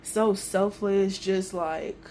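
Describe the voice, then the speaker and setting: Young woman, casual storytime vlog, emotional and animated, slangy talk, faint background hiss. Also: medium pitch, slow pace. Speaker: vlogger.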